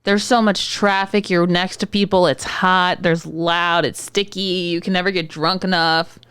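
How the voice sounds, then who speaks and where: Smooth-voiced wry woman co-host. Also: fairly low pitch, steady tone, a little slow, a bit bright, no room sound, clean studio sound. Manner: laid-back, wry, teasing. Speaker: podcast co-host. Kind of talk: casual chat.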